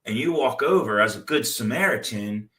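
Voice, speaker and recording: Bright-voiced man in an echoey room. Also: mid-range voice, moderate pace. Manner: loose, animated storytelling with frequent "like". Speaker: real estate investing show host. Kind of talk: casual motivational talk with anecdotes. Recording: echoey room, distant from the mic.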